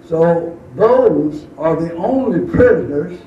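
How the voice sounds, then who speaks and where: Folksy older preacher, echoey hall. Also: male voice, fairly high pitch, expressive, slow, warm tone, slight background noise. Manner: folksy, drawling storyteller, chuckles at himself. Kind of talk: sermon with storytelling. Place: camp meeting hall. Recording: echoey, distant, dull camp room recording.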